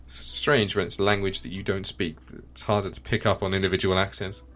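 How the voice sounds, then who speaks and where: A man hosting a let's play, commenting on a game and reading its text aloud in a relaxed, musing way. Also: low voice, fairly quick. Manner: relaxed, musing, chuckles now and then.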